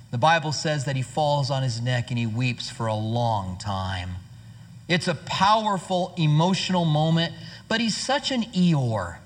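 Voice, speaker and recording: Pastor guy preaching, kinda high and bright, husky voice, big echoey church. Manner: earnest, conversational preaching. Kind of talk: sermon. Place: church sanctuary. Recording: hall reverb.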